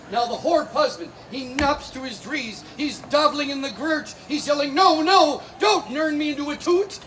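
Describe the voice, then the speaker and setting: A man performing rowdy comic storytelling on an outdoor stage, teasing the audience between lines. His voice sits very high. A live crowd and steady background noise fill the recording. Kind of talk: live comedic storytelling with spoonerisms.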